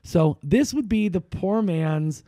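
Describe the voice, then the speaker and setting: Rambling man with a lively, warm voice. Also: high voice, takes it slowly, no room sound. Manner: rambling, self-interrupting storyteller. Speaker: podcast co-host. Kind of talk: casual banter.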